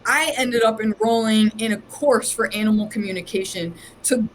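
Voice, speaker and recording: Speaking at a moderate pace in a slightly high voice, a woman from Ohio recounts her story as a podcast guest and psychic medium. It's casual, chatty storytelling that rambles and is packed with "like." The recording is rough, with slight background noise.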